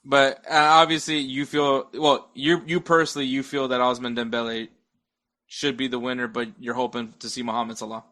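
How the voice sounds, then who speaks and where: A man's voice: medium pitch, level tone, moderate pace, bright, forceful tone. A young man in casual sports chat as a podcast guest, stammering, restarting his sentences and chuckling between points.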